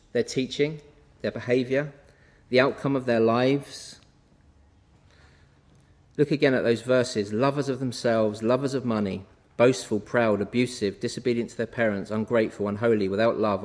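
A man's voice: mid-range voice, darkish tone. Man preaching an expository sermon. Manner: expository, reading and explaining scripture verse by verse; emphatic, with rising and falling delivery.

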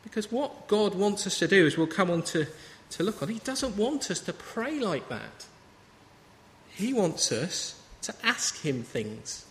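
A man's voice: high-pitched, big pitch swings, unhurried. A man in his thirties preaching a sermon in a chatty, story-telling way. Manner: conversational, anecdotal preaching. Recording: reverberant hall with faint ambience.

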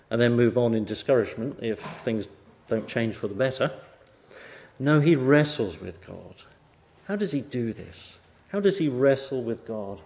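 A man preaching an expository sermon, emphatic, pushing stressed words up and letting phrase endings fall soft. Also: mid-range voice.

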